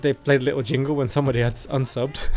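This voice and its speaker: A man's voice: mid-range voice, little pitch movement, quick pace, darkish tone. A man co-hosting a gaming show, teasing his friends in casual banter. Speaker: gaming channel co-host. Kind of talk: casual banter while playing a game.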